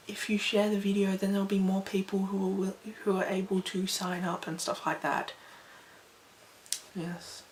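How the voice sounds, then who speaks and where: A woman vlogging to her viewers in a chatty, rambling, animated way. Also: medium pitch. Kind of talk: casual talk to camera. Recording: echoey room, faint background noise.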